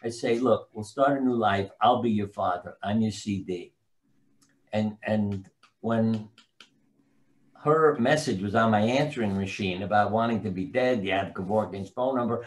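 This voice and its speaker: An older man with a lowish voice talks at a moderate pace. He's a physician and author appearing as a guest in a casual interview, spinning rambling anecdotes and occasionally forgetting the names of people he mentions.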